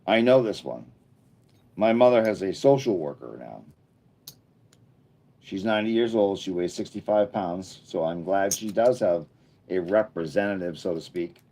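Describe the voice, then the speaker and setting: Rambling middle-aged man, fairly low voice. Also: expressive, normal speed, pauses often, warm tone. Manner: rambling storytelling with frequent restarts; earnest, encouraging, motivational. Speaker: livestream host. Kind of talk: casual livestream chat with viewers.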